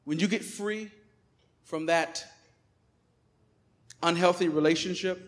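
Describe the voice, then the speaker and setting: A man preaching a sermon as pastor in a church, emphatic, swinging between loud declarations and quiet asides. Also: sits high, slow pace, big-room sound. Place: church sanctuary.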